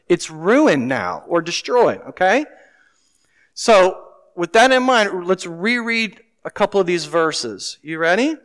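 A man's voice: sits high, fairly bright tone. A man preaching a sermon in a church sanctuary, conversational and often asking the congregation questions. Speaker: pastor. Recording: long reverb of a large hall.

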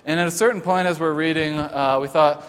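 A man preaching a conversational sermon as pastor, talking informally with many fillers and halting restarts. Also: fairly high pitch, fairly even intonation, clean tone. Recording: long hall reverb.

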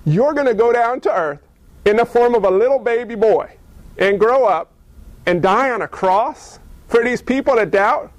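A man voicing the angel Gabriel as an excitable male messenger who fires off rapid, disbelieving questions. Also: very high-pitched, voice pushed up, full character voice. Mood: incredulous.

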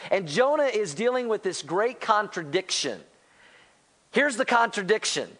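High-voiced animated male preacher. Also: unhurried. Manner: animated preaching, voices quotes, asks the congregation. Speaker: pastor. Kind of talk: sermon.

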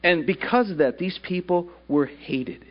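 A man's voice: high voice, unhurried, dull audio. A male pastor preaching a sermon at a church service, putting rhetorical questions to the congregation.

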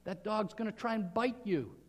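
A man's voice: sits high, moderate pace. A man preaching a sermon in earnest, often putting questions to his listeners. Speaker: pastor. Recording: reverberant hall.

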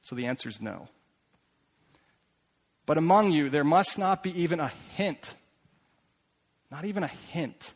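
A man voicing a calm, wise mother in a sermon story, speaking low and quietly. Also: a little slow, long pauses. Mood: firm.

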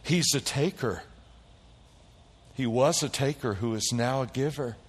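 A man preaching a sermon, calling out to the congregation and swinging between quiet low passages and loud high bursts. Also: measured pace, slightly rough, long reverb tail. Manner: animated preaching with call-and-response. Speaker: pastor.

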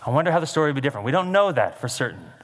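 A man's voice: fairly high pitch, sing-song, rapid-fire, big-room sound. A man preaching a sermon in a conversational way, adding wry asides to the scripture reading. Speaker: pastor.

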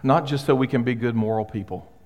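A male pastor preaching a sermon in a conversational, emphatic way, with pauses for weight. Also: mid-range voice, steady tone, a little mellow. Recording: long hall reverb.

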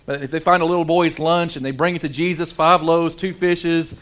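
A man preaching a sermon, dropping to hushed, slow tones for emphasis and repeating words as he restarts sentences. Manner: dramatic, shifts between hushed low tones and animated quoted voices. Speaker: pastor.

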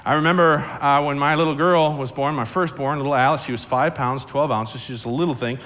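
A middle-aged man preaching a sermon in a playful, animated way, telling stories and acting out voices. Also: on the high side, fairly quick. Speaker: pastor.

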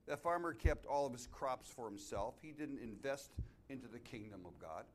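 A middle-aged male pastor preaching a sermon in church, telling a story with many restarts and building to loud, emphatic climaxes. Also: medium pitch, expressive, moderate pace. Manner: storytelling, repeats and restarts phrases, rises to loud emphatic peaks.

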